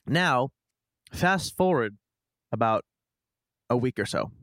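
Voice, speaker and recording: A man in his twenties hosting a podcast, telling a long story in casual chat, rambling and animated with frequent restarts. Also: medium pitch, takes it slowly, dry recording. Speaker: podcast host.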